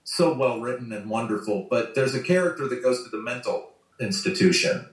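A man's voice: mid-range voice, expressive, normal speed. Ranting, profane man on a roomy call. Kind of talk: casual video-call conversation. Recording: roomy sound, distant from mic.

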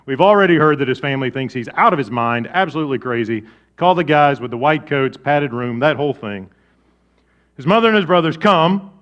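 A pastor delivers his sermon in a chatty, lively way, veering from loud outbursts to quiet, low-voiced asides. He speaks at a moderate pace and leaves long pauses.

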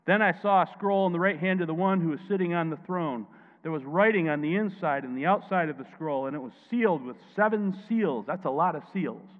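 A man preaching a sermon as pastor, emphatic, dropping quiet and then rising loud, and calling on listeners to answer back. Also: a little high, fairly quick. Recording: tinny phone-like sound, long hall echo.

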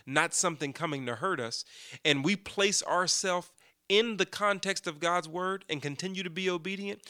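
Forceful, earnest man teaching scripture. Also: a little high, no echo, studio quality. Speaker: podcast host teaching scripture. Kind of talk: podcast Bible teaching.

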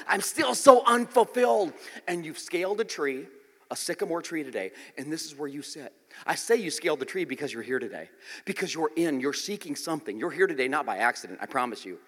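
A man preaching a sermon as pastor, in a joking, conversational way that keeps checking in with his listeners. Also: medium pitch. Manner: lively, joking, conversational preaching with frequent "okay?" check-ins. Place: church sanctuary. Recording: long hall reverb.

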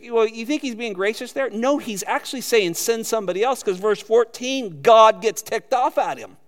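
A man's voice: sits high, animated, moderate pace, fairly bright tone, in a large hall. A man preaching a sermon as pastor, animatedly acting out quoted lines and chuckling often.

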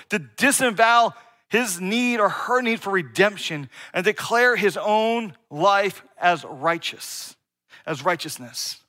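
Pastor guy preaching, high bright voice, chatty, keeps asking the crowd "right?". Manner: conversational preaching with frequent "right?" asides. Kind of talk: sermon.

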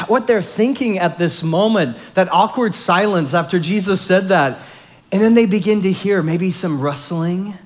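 Male pastor, slightly high voice, casual animated sermon delivery. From Southern California. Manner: conversational, animated storytelling with fillers.

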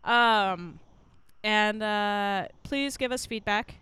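A woman's voice: medium pitch, very slow, pushed and bright, clear, resonant tone, dry recording. A woman co-hosting a casual podcast chat over a remote call, tipsy from drinking, chatty and giggly. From United States. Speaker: podcast co-host. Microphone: remote call mic.

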